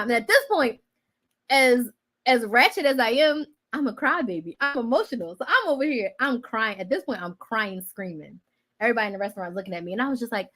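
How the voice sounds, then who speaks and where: A woman tells a story from her own life in a high, bright voice. Her pitch leaps all over the place as she acts the scenes out. She gets loud on the big moments and drops down low on the asides. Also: fast talker. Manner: animated, dramatic retelling with shifts between loud and quiet. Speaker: host. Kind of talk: casual storytelling chat.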